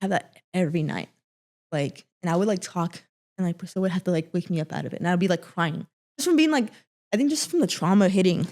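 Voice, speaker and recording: A young woman sharing a painful personal story, halting with many fillers and restarts, often dropping to a quiet voice. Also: on the low side, animated. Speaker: guest.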